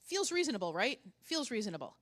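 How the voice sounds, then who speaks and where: A woman's voice: a little high, sing-song, fast talker, a bit bright. A middle-aged woman pastor preaching a sermon in a conversational way, with joking asides and phrases repeated for emphasis.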